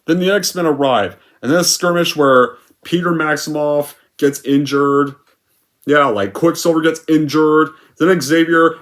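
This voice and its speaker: A man's voice: a little high, unhurried, fairly bright tone. A young man giving a sarcastic, profane, rambling movie rant with lots of filler words. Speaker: movie reviewer.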